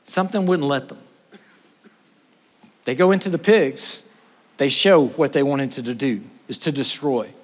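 A male pastor preaching a sermon, telling the story with animation and swinging from loud passages to hushed ones. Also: mid-range voice, a little slow, pauses often. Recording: reverberant hall.

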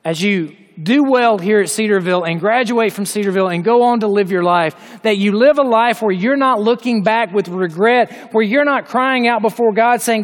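A man preaching a sermon in a large hall, reading scripture aloud and explaining it with emphatic, drawn-out delivery. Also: high voice. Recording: long hall reverb.

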